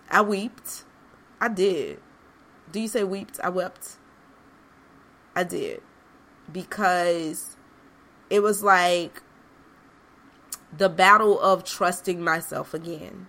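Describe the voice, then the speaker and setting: A woman with a fairly low, sharp-toned voice hosts a podcast. She delivers a reflective motivational monologue, talking to her listeners directly in an earnest, conversational way.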